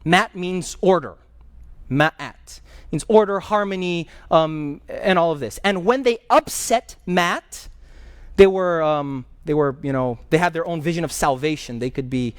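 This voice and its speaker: A pastor teaching a Bible class and taking questions from the group, telling stories with energy and repeating key phrases, sometimes stopping to search for a word. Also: male voice, fairly high pitch, moderate pace, clear, resonant tone, no echo, clean studio sound.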